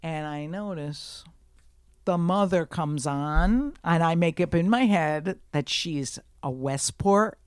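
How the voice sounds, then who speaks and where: A woman comedian telling stories on a podcast, profane and animated, jumping to shouts when she acts out scenes, recorded in a studio. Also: fairly low pitch, takes it slowly, clean tone, dry recording. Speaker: guest comedian. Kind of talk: storytelling in a podcast conversation.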